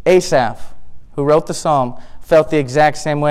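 High-voiced, impassioned preaching man. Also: normal speed, hardly any pauses, clear, resonant tone. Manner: impassioned, rhetorical questions, rises to near-shouting. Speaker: pastor. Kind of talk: sermon.

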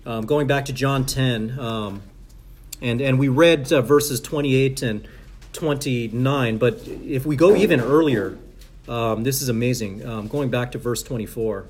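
A man's voice: medium pitch, darkish tone. A man leading a Bible study, reading scripture aloud and explaining it with frequent fillers and restarts.

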